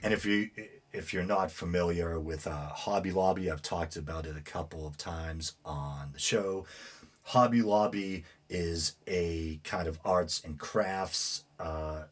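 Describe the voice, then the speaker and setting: At a measured pace and a low pitch, a New England podcast host works through news items in casual commentary, leaning on filler words and breaking off into indignant, meandering asides.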